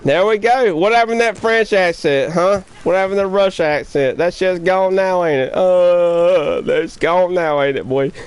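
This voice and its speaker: A man with a notably high voice, streaming a game live and trash-talking other players. He taunts and curses in a confrontational rant, hammering the same jabs again and again. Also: moderate pace, hardly any pauses, clear, resonant tone. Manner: taunting, profane, confrontational ranting; repeats his jabs over and over.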